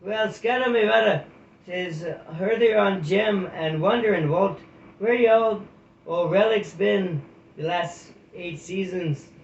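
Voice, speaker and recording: A man's voice: sits high, slow pace, vocal fry, reverberant, lo-fi sound, slight background noise, pitched above the performer's own voice, exaggerated voice. A man doing a burly salty otter. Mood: hearty. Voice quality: salty sailor talk. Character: burly hearty male otter warrior.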